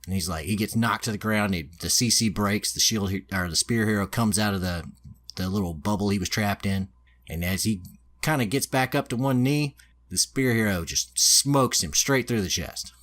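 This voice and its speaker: A man's voice: lowish voice, moderate pace, a bit bright. A man on a podcast casually retelling a story, swearing freely and loose with fillers. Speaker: podcast host. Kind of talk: casual chat, retelling an anime plot.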